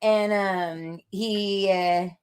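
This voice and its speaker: A woman's voice: mid-range voice, fairly even intonation, very slow. A young adult woman co-hosting a casual chat stream, telling stories with fillers and giggles. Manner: chatty storyteller, giggly, many fillers. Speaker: co-host.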